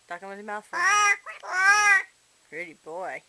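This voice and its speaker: A woman at home coaxes and teases her pet parrot in front of a camera. Her voice is mid-pitched and playful. The built-in camera mic picks up a lot of hiss and background noise. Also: normal speed, pauses often. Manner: teasing, coaxing, playful. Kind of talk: casual talk to a pet on camera. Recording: noisy home camcorder audio.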